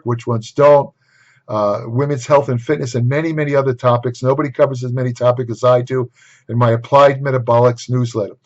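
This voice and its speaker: An older man talks straight to the camera in a casual lecture, blunt and opinionated, often sliding into exasperated asides. His voice sits in an ordinary middle register, and the recording is dull and lo-fi. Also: mid-range voice. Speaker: nutrition writer and host.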